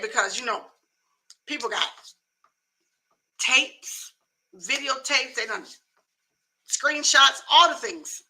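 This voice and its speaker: Bright, high-voiced woman giving folksy advice. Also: expressive, a little slow, long pauses, rough recording. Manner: preachy, emphatic, folksy. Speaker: host of a live talk show. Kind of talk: casual live talk.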